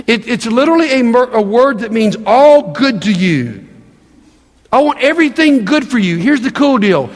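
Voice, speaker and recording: Male pastor, lively sermon, high voice, long hall reverb. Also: normal speed. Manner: conversational, emphatic preaching with repetitions.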